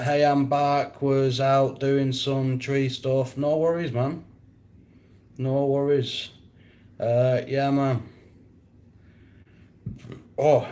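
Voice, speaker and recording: A man's voice: medium pitch, darkish tone. A man chatting casually on a live stream, answering viewers, rambling and often breaking into laughter.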